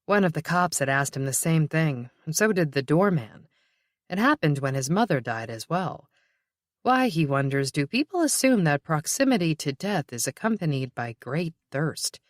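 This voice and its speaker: Measured audiobook narrator. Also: medium pitch, very animated, no echo, studio quality.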